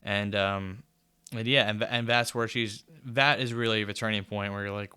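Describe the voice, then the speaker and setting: Reviewing a book, this man speaks in a loose, rambling way with casual swearing and bits of sarcasm. His low-leaning voice is smooth, clear, bright and forceful, holding a steady tone at normal speed. The recording is dry and close, without echo.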